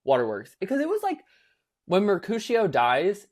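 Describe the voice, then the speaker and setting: A young man co-hosting a casual podcast, telling a lively story with lots of fillers and acting out what people said. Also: sits high, moderate pace. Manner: animated storyteller, acts out quotes in voices, many fillers. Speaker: podcast co-host.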